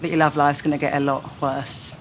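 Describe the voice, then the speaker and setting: A woman, a singer giving frank, dry quick-fire answers in a casual interview at home. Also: low-pitched, flat delivery, slight background noise. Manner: frank, dry, laughs easily. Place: her home.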